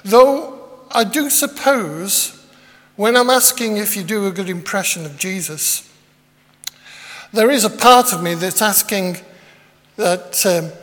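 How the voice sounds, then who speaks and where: A man's voice: sits high, fairly bright tone. A man preaching a rambling, self-deprecating, conversational sermon with many fillers. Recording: long hall reverb.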